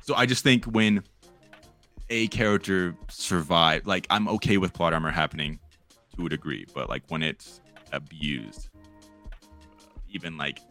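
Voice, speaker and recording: A man's voice: deep voice, unhurried, long pauses, pushed and bright, soft background music. A man hosting a casual podcast chat, rambling with lots of fillers and restarts. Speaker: podcast host.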